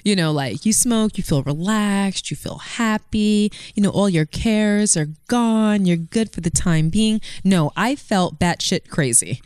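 A woman's voice: medium pitch, unhurried, hardly any pauses, darkish tone, clean tone, no echo, clean studio sound. A woman co-hosting a podcast, speaking candidly and reflectively in casual chat. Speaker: podcast co-host.

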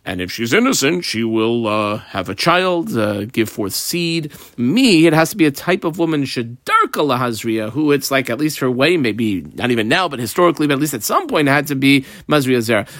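Man, Talmud lesson, animated sing-song pitch, dry close sound. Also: a little fast, few pauses, no echo. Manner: explains line by line, mixing Hebrew and Aramaic terms; lively, sing-song study cadence. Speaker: Talmud teacher.

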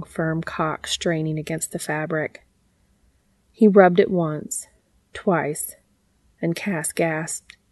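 A woman reading fiction aloud in a soft, unhurried, intimate way. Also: on the low side, no echo.

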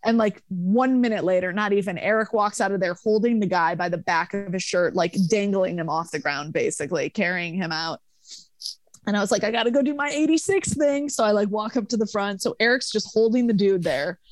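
A woman's voice: mid-range voice, a little fast, dry recording. A young woman recounts a night from her bar-manager days in loose podcast chat. She swears freely and acts out every quoted voice. The sound is dry and close. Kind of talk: casual podcast storytelling.

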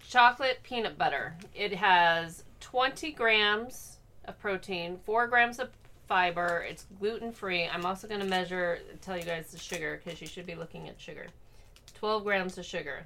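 A woman's voice: on the low side, sharp tone. A woman co-hosting a casual chat show, reading nutrition facts aloud and chatting with her co-hosts. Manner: chatty, reads numbers off packages. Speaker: co-host.

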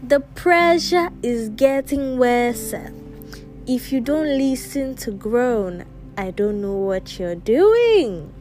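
A woman's voice: fairly high pitch, very animated, slow, a little mellow, faint music behind, pitched above the performer's own voice. A woman doing a theatrical, overdone put-on British accent as a podcast host. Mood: mock-grand. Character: woman in a mock-grand British voice.

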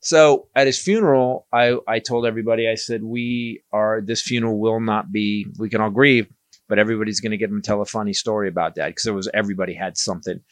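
A man's voice: on the low side, steady tone, fast, dry recording. A man co-hosting a podcast, telling stories bluntly and laughing easily. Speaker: podcast co-host. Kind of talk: casual podcast chat.

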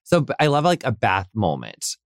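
A man's voice: medium pitch, huge pitch swings, moderate pace, dry recording, clean studio sound. An American man in his thirties hosting a casual interview podcast, effusive and gushing, full of "like" and casual swearing. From United States. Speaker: podcast host.

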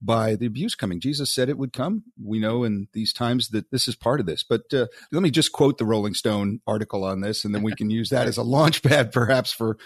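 A man co-hosting a podcast, agreeable and quick to laugh, reading quotes with a sarcastic flourish. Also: mid-range voice, slightly rough, no room sound, studio quality. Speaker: podcast co-host. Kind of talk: casual podcast discussion.

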